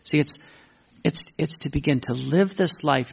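A man's voice: moderate pace, vocal fry, pushed and bright, slightly rough. A man preaching a sermon, impassioned, repeating himself and stumbling over words. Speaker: Catholic preacher. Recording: muffled low-fidelity recording.

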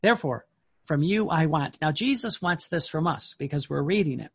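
A man preaching a sermon, reading devotional passages slowly and breaking into emphatic, excited commentary. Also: a little high, slightly rough. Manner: emphatic, swings from slow reading to excited outbursts.

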